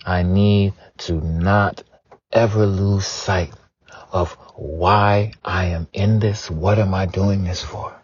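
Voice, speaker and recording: A man's voice: low-pitched, fairly even intonation, takes it slowly, husky. A man in his forties giving a conversational, earnest spoken prayer to his ancestors, repeating phrases for emphasis and speaking bluntly. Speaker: spiritual prayer leader. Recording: dull lo-fi recording.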